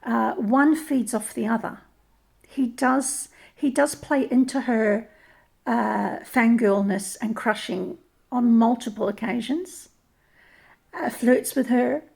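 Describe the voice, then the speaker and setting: A woman with a New Zealand or Australian accent talks through her views in a thoughtful commentary, restarting and repeating words as she works out her points. Her voice sits fairly high, with a strong gravelly fry and a husky, breathy edge. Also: slow, darkish tone. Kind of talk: opinion commentary vlog.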